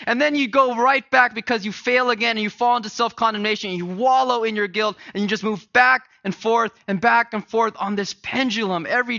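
Guy pastor preaching, highish voice, goes quiet then loud and fired up. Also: muffled recording. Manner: swings from hushed to loud and animated. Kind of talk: sermon.

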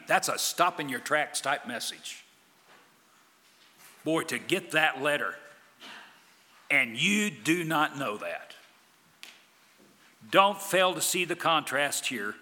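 A man delivers a sermon with an emphatic preaching style, his voice very bright and a little high. He swings from loud declarations down to quiet, low lines. The sound carries a long reverb, as in a large hall. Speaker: pastor.

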